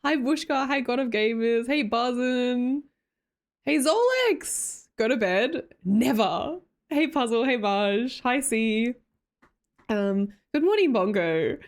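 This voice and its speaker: A young Australian woman chats casually with her live-stream viewers in a fairly high, animated voice at a slow pace, laughing often and greeting them by name.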